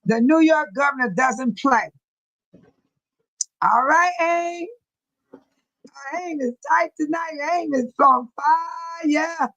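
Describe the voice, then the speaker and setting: Older lady livestreaming, high voice, dry close sound, laughs a lot talking to chat. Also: takes it slowly, pauses often, fairly bright tone, no echo, muffled recording. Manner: chatty, laughs often, talks back to commenters. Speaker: livestream host reading chat.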